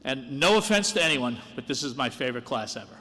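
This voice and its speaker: A man's voice: mid-range voice, animated, fast, big-room sound, noisy background. A man, the dean of a senior class, giving an earnest, encouraging graduation speech from a podium, with self-deprecating humor.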